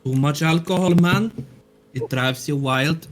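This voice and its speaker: A man's voice: fairly high pitch, measured pace, a little hiss or hum. Teasing man, native German speaker. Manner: teasing, laughs often. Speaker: player. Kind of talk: casual tabletop game chat.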